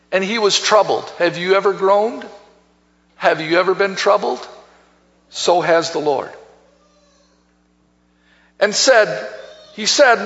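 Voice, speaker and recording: A man preaching a sermon as pastor, slow and emphatic, reading scripture and building to shouts. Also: high-pitched. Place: church sanctuary. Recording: long church reverb, dull sound.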